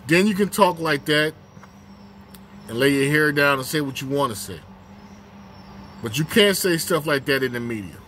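A man's voice: a little high, animated, normal speed, long pauses, a bit bright, a little hiss or hum. A man hosting his own casual commentary vlog on a break at work, talking bluntly and repeating his points for emphasis.

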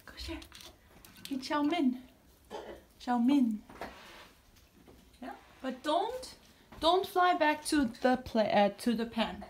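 A woman coos and coaxes her pet birds in a high voice that jumps all over, drawing out her words slowly. She talks in a sing-song baby talk from her home kitchen. The recording carries clear background noise and clatter. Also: very animated. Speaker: parrot owner and vlogger.

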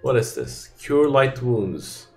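A man's voice: medium pitch, big pitch swings, slow, a little mellow, faint music behind. A man giving casual gameplay commentary, thinking aloud in an offhand way and often trailing off. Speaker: let's play gamer.

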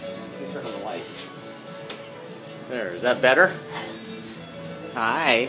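A man filming his pet parrot at home on a handheld phone, switching between high sing-song baby talk to the bird and low asides. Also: lively intonation, takes it slowly, long pauses, music in the background. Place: home indoors.

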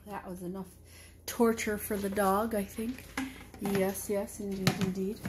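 A woman's voice: medium pitch, level tone, measured pace. Chatty woman vlogging, noisy kitchen. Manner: rambling, chatty, talks to her dog in a sing-song voice. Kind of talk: casual home vlog. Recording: noisy home recording.

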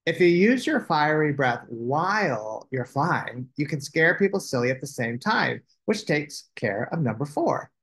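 A man voicing a practical, helpful male knight in a storybook read-aloud, brisk and coaching. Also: fairly high pitch, very animated, a bit bright, heavily acted.

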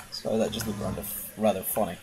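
A man's voice: medium pitch, background noise. A man casually commentating on a puzzle game as he plays, exclaiming and swearing at it. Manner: excitable, swears and exclaims while playing. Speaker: gaming video host. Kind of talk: casual let's-play commentary.

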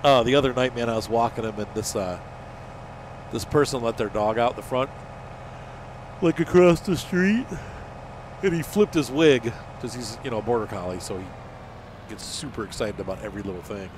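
A man's voice: medium pitch, moderate pace, pauses often, slight background noise. A man casually commenting on his farming game as he plays, rambling and chatty, with lots of fillers. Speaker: gaming channel host.

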